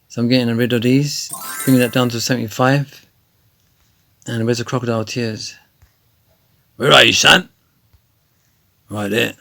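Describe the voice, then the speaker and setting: A man giving chatty, rambling gameplay tutorial commentary that often turns excited. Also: medium pitch. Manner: chatty, rambling with many fillers, grows excited. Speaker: gaming video creator.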